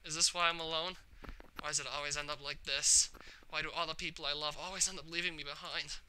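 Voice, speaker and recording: A man's voice: on the high side, fairly even intonation, fast talker, pushed and bright, slight background noise. A man reading aloud as a troubled, shy teenage girl from a visual novel, emotional, his voice climbing into cries. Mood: anguished.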